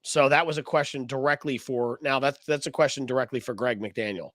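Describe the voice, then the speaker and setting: A man's voice: mid-range voice, a little fast, fairly bright tone, no room sound. A man co-hosting a real estate podcast, joking around, swearing and chatting casually. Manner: joking, profane, talkative. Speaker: podcast co-host. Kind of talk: casual chat.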